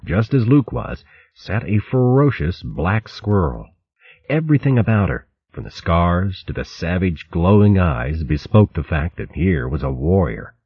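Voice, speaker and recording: A man reading a storybook aloud in a measured, dramatic way. His voice is very deep with a husky grain. The recording is dry and slightly dull. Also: no echo. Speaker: audiobook narrator. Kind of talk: scripted storybook narration.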